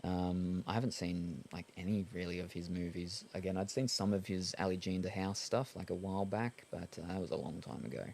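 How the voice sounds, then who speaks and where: A man's voice: low-pitched, fairly even intonation, a little fast, gravelly, few pauses, darkish tone, slight background noise. An Australian man chatting casually while streaming a game, rambling and hesitant with lots of ums and uhs. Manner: rambling, hesitant, many fillers. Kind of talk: casual chat while gaming.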